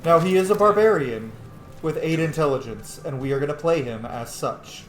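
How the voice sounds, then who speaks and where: Gaming host: excitable, jokey man chatting over gameplay in a roomy space. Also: on the high side, moderate pace, faint music behind. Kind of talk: casual let's-play commentary.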